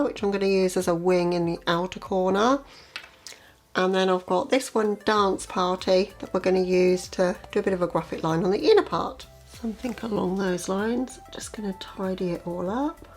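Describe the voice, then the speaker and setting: Woman, makeup vlogger, casual and conversational, mid-pitched voice. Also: moderate pace, soft background music. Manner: chatty and conversational, repeats "as I say"; quiet, half-murmured commentary while applying makeup. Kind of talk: casual makeup tutorial chat.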